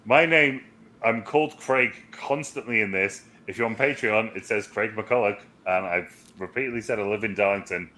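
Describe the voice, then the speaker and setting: A man trades crude jokes while co-hosting a casual movie chat. His voice is bright and forceful. A faint hiss sits under the recording. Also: lowish voice, normal speed, low-quality recording. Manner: sweary, banter-heavy. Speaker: podcast co-host.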